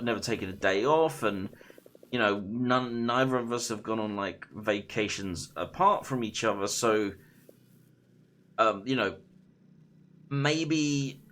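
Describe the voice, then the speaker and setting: A man's voice: mid-range voice, a bit bright. A man voicing a frightened young wife alone at night, talking to herself in hesitant, anxious bursts, in a storytelling retelling. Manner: hesitant, anxious self-talk.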